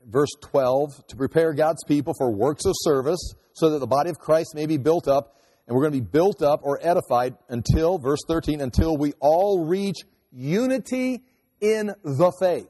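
Man, pastor, sermon, higher-pitched voice, lively asides, long hall reverb. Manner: conversational, animated preaching with quick asides.

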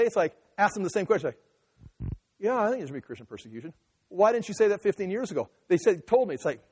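A man's voice: extremely high pitch, a little mellow. A man preaching an impassioned, emphatic sermon, mimicking the voices of people he argues against. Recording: echoey hall.

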